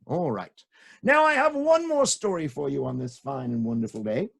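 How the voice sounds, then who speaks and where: A man telling stories to children in an animated, sing-song way, often repeating phrases and talking to the kids. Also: a little high, normal speed, gravelly, slightly rough. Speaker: children's storyteller.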